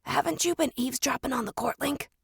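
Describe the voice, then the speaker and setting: A woman narrator voicing an impatient, sarcastic male court member who speaks in a dry, brisk way. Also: high-pitched, vocal fry, husky, no echo, full character voice.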